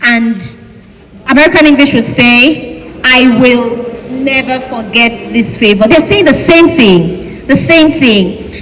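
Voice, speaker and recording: Nigerian lady lecturing, high voice, asks the class stuff, echoey hall. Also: takes it slowly, fairly bright tone, a little hiss or hum. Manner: chatty, asks the class questions. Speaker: university lecturer. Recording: echoey hall with faint ambience.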